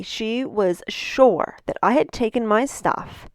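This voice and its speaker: A middle-aged woman hosting a podcast, telling a personal story in a chatty, animated way full of asides. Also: a little high, takes it slowly, no room sound, studio quality. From Canada. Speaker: podcast host. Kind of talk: casual storytelling monologue.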